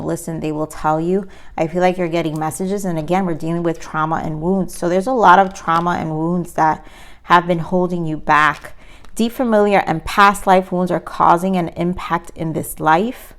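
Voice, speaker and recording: Tarot reader, woman, slightly low voice, earnest and repetitive delivery. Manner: earnest, emphatic, repeats herself. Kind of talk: tarot reading for viewers.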